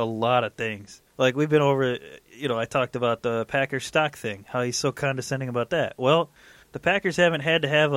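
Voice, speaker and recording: A man's voice: mid-range voice, a bit bright, no echo. A man in his thirties hosting a sports podcast, ranting in an irritated, casual way. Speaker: podcast host.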